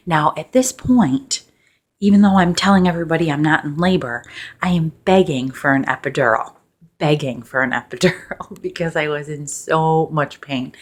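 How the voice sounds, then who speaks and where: A young woman casually telling a personal story in a loosely ASMR style, chatty and laughing, bursting into high excited voices when she quotes people. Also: normal speed. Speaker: ASMR channel host.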